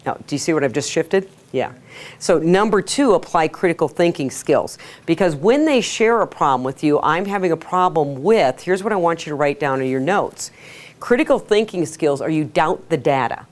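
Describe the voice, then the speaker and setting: A woman teaching a sales workshop to a live audience, energetic, asking the room questions and acting out quotes. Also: low voice, moderate pace. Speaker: sales trainer. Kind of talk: workshop lecture.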